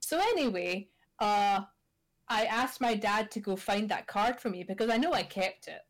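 A Scottish woman in her thirties spins a story in casual podcast chat. She keeps it animated and wry, and she swears freely. Her pitch sits in an ordinary middle range. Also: moderate pace. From Scotland. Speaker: podcast co-host.

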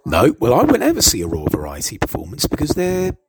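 A man's voice: mid-range voice, huge pitch swings, fast. A man giving casual, hesitant commentary over an old TV show, stammering and adding chuckling asides.

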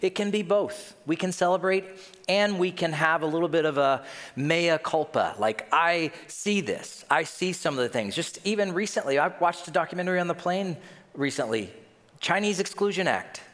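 A man preaching a sermon as pastor, telling stories in an animated way and acting out quoted voices. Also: on the high side, normal speed, in a large hall.

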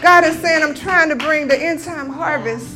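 A woman's voice: high-pitched, moderate pace, over music. A woman giving a sermon testimony, telling a healing story with emphatic declarations. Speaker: guest speaker.

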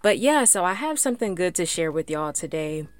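Brief: woman host, faith podcast, chatty and excited, lower voice, dry sound. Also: a little fast, dry recording. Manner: excited, chatty, lots of "like" and "y'all". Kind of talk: casual faith podcast chat.

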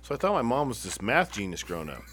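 A man's voice: medium pitch, sing-song, quick pace, a bit bright, slight background noise. A man telling stories in a casual, profane, rambling chat, hosting the show on headphones and a studio mic.

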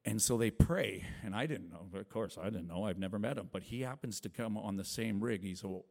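A man's voice: fairly quick, creaky, darkish tone, long reverb tail. A man in his forties giving a rambling, earnest testimony sermon to a small church congregation, with many restarts. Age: 40s. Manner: rambling, earnest, with many restarts and acted quotes that rise high. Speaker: lay preacher sharing testimony.

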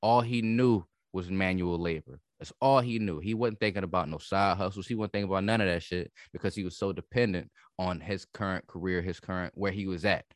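A man's voice: low-pitched, fairly quick, few pauses, no echo, clean studio sound. A man co-hosting a podcast in casual chat, heated and profane as he argues back. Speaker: podcast co-host.

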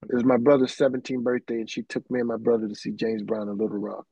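A man's voice: mid-range voice, completely flat delivery, fast talker, gravelly, dark tone, slightly rough, no room sound, muffled recording. A middle-aged man, a keyboardist guest telling rambling anecdotes full of restarts and "man". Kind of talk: casual storytelling.

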